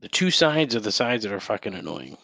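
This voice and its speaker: A man's voice: lowish voice, big pitch swings, a little fast, sharp tone, no echo. A man hosting a solo podcast from home, ranting in a profane, rambling way with many restarts and sudden heated outbursts. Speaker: podcast host.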